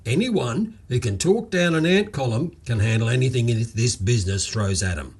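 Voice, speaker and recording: A blunt, excitable boss of an odd lawn business, voiced by a man in a comic audiobook. He speaks in short, brisk bursts, his husky voice sitting close to the storyteller's own. The melody jumps about lively. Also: mid-range voice.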